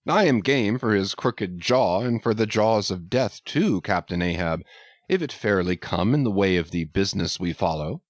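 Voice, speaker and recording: A man reading the part of a cautious first mate in a lower, measured, reasoning tone. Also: animated, dry recording, dull audio. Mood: wary. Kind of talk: audiobook character reading.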